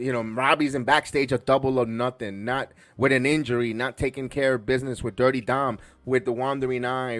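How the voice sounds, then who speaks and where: A man from the Bronx hosting a podcast, reviewing a wrestling show in a rambling, excitable way full of restarts. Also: mid-range voice, no room sound. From the Bronx, New York. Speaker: podcast host.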